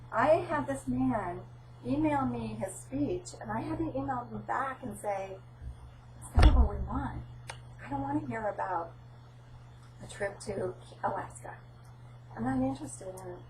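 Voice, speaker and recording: A woman's voice: on the high side, distant mic, slight background noise, rough recording. A middle-aged woman giving an informal training talk, telling a personal story and acting out quoted dialogue. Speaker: presenter at a training session.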